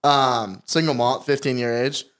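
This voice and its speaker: A man's voice: medium pitch, steady tone, measured pace, fairly bright tone. A man co-hosting a podcast, joking and bantering in casual chat. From Connecticut, USA. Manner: joking, laid-back banter. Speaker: podcast co-host.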